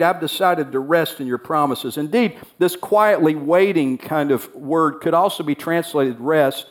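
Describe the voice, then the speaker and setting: A man's voice: a little high, expressive, a little slow. A man preaching a sermon, earnest and repeating key phrases as he voices the prophet's words. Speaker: pastor.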